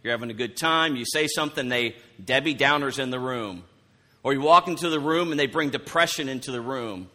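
A man's voice: medium pitch, fairly quick, pushed and bright. A man preaching a conversational sermon, who often repeats words and asks his listeners questions. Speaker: pastor.

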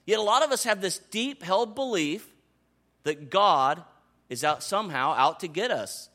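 A man in his thirties preaching a sermon in a conversational, animated way, dropping to soft asides and rising to excited calls. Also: sits high, a little slow. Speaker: pastor.

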